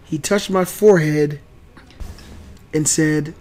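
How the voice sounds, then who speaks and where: A man hosting a channel, telling a family story casually and acting out the quoted lines loudly. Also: on the high side, slow. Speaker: channel host and father.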